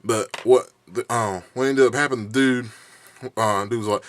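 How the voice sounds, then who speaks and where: A man's voice: mid-range voice, steady tone, measured pace, a bit bright. A young man with a bad cough, ranting casually for a video, heated and profane, with many restarts and fillers. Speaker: YouTube vlogger. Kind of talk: casual rant.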